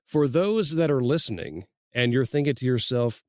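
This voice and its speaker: A man's voice: medium pitch, animated, moderate pace, no echo, clean studio sound. A man hosting an interview podcast, asking questions in a folksy manner and closing the show with a friendly sign-off. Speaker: podcast host.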